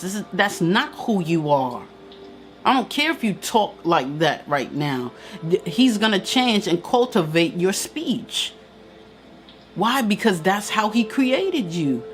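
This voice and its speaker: A woman hosts a live stream with an emphatic, preacher-like delivery and presses home her main points by repeating them. Her voice sits at a middle pitch. Soft music plays faintly behind her. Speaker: spiritual teacher hosting a live stream. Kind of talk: live-stream motivational talk reading viewer comments.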